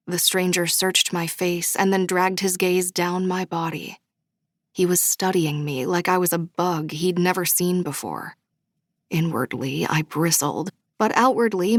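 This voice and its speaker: A woman narrating a romance audiobook in first person, bubbly and expressive. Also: lowish voice, dry recording, studio quality. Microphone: studio microphone.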